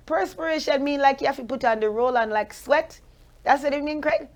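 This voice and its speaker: A woman's voice: high voice, brisk. Playful motivational Jamaican woman host. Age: 40s. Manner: animated, playful, preachy. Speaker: radio show host. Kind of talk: motivational radio talk.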